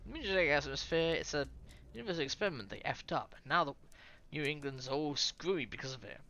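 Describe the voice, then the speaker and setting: A woman's voice: deep voice, fast talker, fairly bright tone, highs cut off. A reader voicing a young woman investigator who talks in a casual, wary way.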